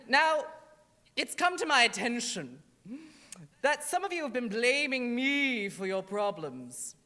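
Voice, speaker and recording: In a reverberant church hall, a woman plays a sassy, campy Satan with a put-on British accent, theatrically mocking the audience in a comic drag monologue in the sanctuary. Her fairly high voice is pushed up into a full character voice, loud, exaggerated, very animated, and a little slow.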